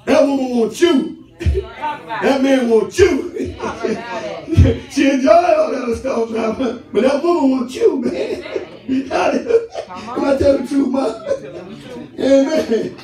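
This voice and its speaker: Man pastor, high animated voice, unhurried sermon delivery, recorded from a distance in an echoey church. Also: music in the background. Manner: laughing, storytelling with call-and-response. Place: church sanctuary. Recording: roomy church hall, mic at a distance, congregation audible.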